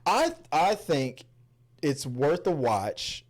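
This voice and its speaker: A man in his thirties hosting a casual movie review chat, stumbling over and repeating words, breaking into loud laughs. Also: fairly high pitch, sing-song, extremely slow.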